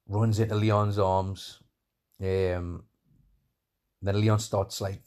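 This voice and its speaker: A man with a low, slightly mellow voice casually recaps a film, retelling its plot scene by scene. He rambles enthusiastically, full of fillers and excited asides, calling scenes "class".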